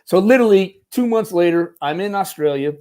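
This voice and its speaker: A man with a slightly raised pitch, talking as an interview guest. He tells loose, rambling stories with many fillers. He breaks into lively impressions of the people in them. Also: brisk. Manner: rambling, lively, acts out quoted voices. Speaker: guest, former Marine turned stuntman and military advisor. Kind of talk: casual storytelling in an interview.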